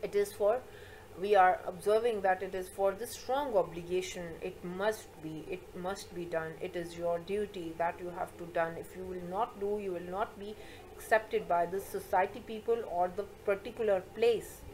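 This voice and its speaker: A woman teacher gives a recorded English grammar lesson. She explains points slowly, repeats herself and often pauses on "uh". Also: fairly low pitch, fairly even intonation, darkish tone, slight background noise, low-quality recording. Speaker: school teacher.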